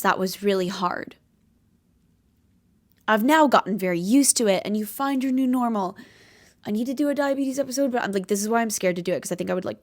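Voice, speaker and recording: A young woman hosting a podcast, talking in a casual, heartfelt and rambling way, with lots of filler words. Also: on the high side. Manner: earnest, rambling, filler-heavy, tearful at times. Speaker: podcast host.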